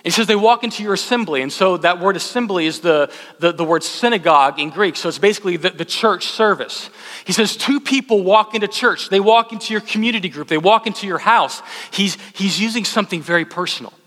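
A young man from Texas preaches with a high, bright, forceful voice. He keeps it conversational and animated, throwing asides to the congregation. His voice rings with a long reverb in a big church hall. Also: fairly quick. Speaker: pastor. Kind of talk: sermon. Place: church sanctuary.

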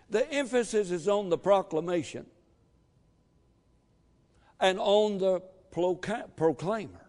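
A pastor with a notably high voice delivers his sermon at an unhurried, measured pace. He leans on key words and rises to shouts at the climaxes. The sound carries the long reverb of a church sanctuary. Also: lively intonation. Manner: emphatic, calls for amens, shouts at peaks.

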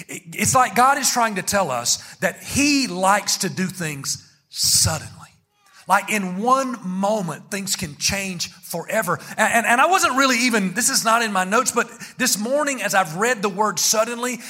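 A man's voice: sits high, bright, forceful tone. A pastor preaching a sermon, a man who talks animatedly and calls on his congregation to repeat words with him.

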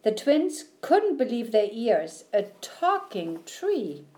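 A woman reading a children's storybook aloud in a gentle, measured way. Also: on the high side, very animated. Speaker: narrator.

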